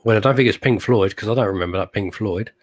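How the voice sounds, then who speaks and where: A man co-hosting a live stream in a casual chat, talking in quick bursts with jokey asides. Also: lowish voice. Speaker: co-host.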